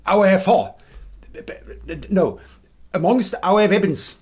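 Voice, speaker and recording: A man's voice: high-pitched, expressive, drawn-out words, a little mellow, full character voice. A man playing a bumbling Hessian-accented inquisitor. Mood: pompous. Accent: Hessian German. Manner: declaiming, stumbling over his own lines. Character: bumbling pompous male inquisitor, loud and theatrical.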